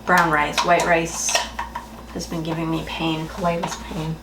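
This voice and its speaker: A woman's voice: deep voice, flat delivery, a little slow, heavy background noise. A young woman vlogging at home, chatting casually and rambling, questioning herself as she goes. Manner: rambling, self-questioning, frequent laughs. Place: home kitchen. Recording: roomy, distant, with kitchen clatter.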